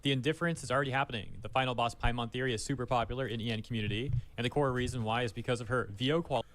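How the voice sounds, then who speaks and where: A man's voice reading out online comments in an even, flat delivery. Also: mid-range voice, rapid-fire, a little hiss or hum, natural voice.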